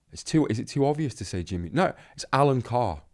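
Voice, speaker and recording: A man talking candidly as an interview guest, reflective and halting, with many restarts. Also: medium pitch, animated, a little mellow.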